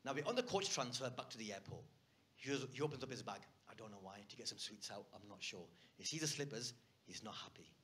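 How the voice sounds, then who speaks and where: A man doing stand-up, telling a story and acting out a shouting argument. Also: mid-range voice, lively intonation, quick pace, a little hiss or hum. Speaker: stand-up comedian. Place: comedy stage before a live audience.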